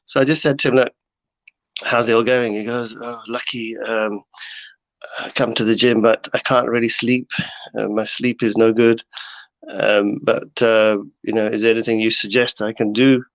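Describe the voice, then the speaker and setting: A man's voice: mid-range voice, level tone, moderate pace, no room sound. A man hosting a casual live talk to his viewers, rambling with many fillers and restarts. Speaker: host. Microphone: home setup. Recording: dull lo-fi sound.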